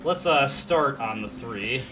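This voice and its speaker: A man's voice: medium pitch, animated, slow pace. A young man casually commenting on a video game as he plays, thinking aloud with many fillers and self-deprecating asides. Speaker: let's play commentator. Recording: faint game music behind.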